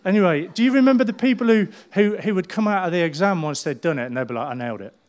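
A man's voice: high voice, lively intonation, fast. A middle-aged man preaching a sermon with chatty, humorous storytelling. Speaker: pastor.

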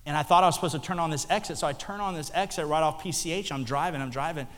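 A man's voice: on the high side, rapid-fire. A middle-aged man preaching a sermon as a pastor, telling jokey stories and bantering with the congregation. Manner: animated, joking storytelling with the congregation. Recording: long hall reverb, faint music.

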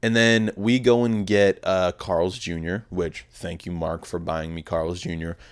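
A man's voice: sits low, little pitch movement, a little slow, clean tone. A young man in his twenties hosting a podcast, telling a rambling, profane, self-deprecating story about a night out. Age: 20s. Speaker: podcast host. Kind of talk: casual storytelling monologue.

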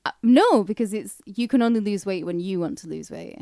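A woman's voice: medium pitch, animated, fairly quick, vocal fry, warm tone, no room sound. Northern english lady cohosting a podcast, crude and giggly, dry mic. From northern England. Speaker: podcast co-host. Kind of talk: casual podcast chat.

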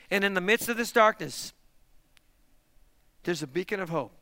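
A man's voice: high voice, lively intonation, slow pace, pushed and bright, no room sound. A man, a pastor, preaching a sermon with emphatic rhetorical questions and direct appeals to the congregation. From parents lived in Texas.

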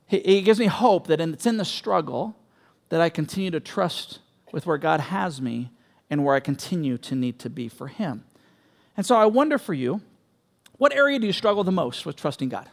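A man preaching a sermon as a pastor, animated and conversational, acting out quoted voices with frequent restarts. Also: a little high, moderate pace, gravelly. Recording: long hall reverb.

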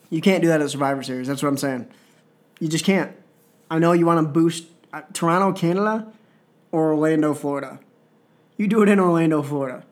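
A man with a somewhat high-pitched voice hosts a casual podcast. He rambles eagerly, piling on side comments and restarting his sentences as he goes. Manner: excited, rambling fan talk with asides. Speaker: wrestling podcast host.

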